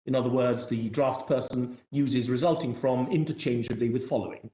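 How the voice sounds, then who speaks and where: Male barrister, mellow voice, measured courtroom submission, echoey room. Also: mid-range voice, steady tone. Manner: formal, measured, self-deprecating, courteous.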